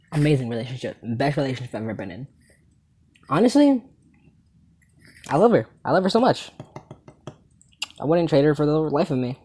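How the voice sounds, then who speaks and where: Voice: mid-range voice, a little mellow. A teenager hosting a comedy channel, telling a rambling story about school and a girlfriend while swearing casually.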